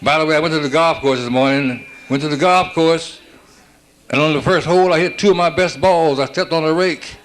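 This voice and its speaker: A man doing a stand-up comedy routine, rattling off one-liners built on quick "I said, she said" exchanges. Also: fairly high pitch. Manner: rapid-fire joke telling with "I said, she said" setups.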